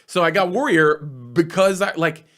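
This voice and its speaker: A comedian, telling stories in a casual podcast chat, animated and swearing freely. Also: male voice, fairly high pitch, a little slow. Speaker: comedian guest.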